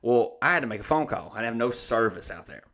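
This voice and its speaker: A man's voice: mid-range voice, fast talker. Man telling a wild story. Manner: animated, loose and profane, acts out each moment of the story. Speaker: podcast host. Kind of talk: casual comedic storytelling.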